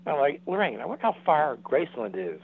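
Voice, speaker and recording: A man's voice: on the high side, big pitch swings, quick pace, creaky, breathy edge, no echo. A man in his seventies, a guest telling long rambling stories with lots of restarts and acted-out quotes. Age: 70s. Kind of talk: casual storytelling. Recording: dry tinny phone-like line.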